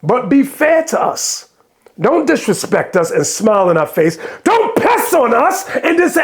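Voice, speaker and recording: A man preaching over video clips with a fiery, impassioned delivery that often rises into shouts. His voice sits high and swoops widely as he quotes and explains scripture. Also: sing-song, a little slow, slightly rough. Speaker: religious commentator.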